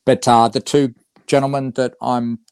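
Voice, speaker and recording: A man's voice: mid-range voice, little pitch movement, moderate pace, darkish tone, smooth, dry recording. A man, a guest on a casual podcast, rambling and laughing at himself as he talks. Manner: rambling, laughing, self-deprecating. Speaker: podcast guest, wrestling announcer.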